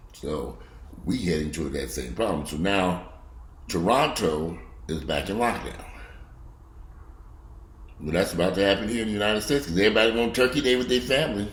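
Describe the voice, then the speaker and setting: A man ranting in a blunt, profanity-heavy way, his voice sitting low but swinging through a lively, animated pitch. He has a bright, forceful tone. He mocks and curses, dropping to a grumble and then bursting out loud, in a roomy, echoey space. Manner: blunt, heavy cursing, mocking. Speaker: video blogger. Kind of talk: profane angry rant. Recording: echoey room.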